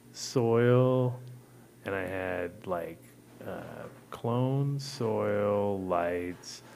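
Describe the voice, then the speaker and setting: A man's voice: fairly low pitch, creaky, slight background noise. A man hosting a show, telling a long casual story full of swearing and acted-out quotes. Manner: rambling, profane, acts out voices in quotes. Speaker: host.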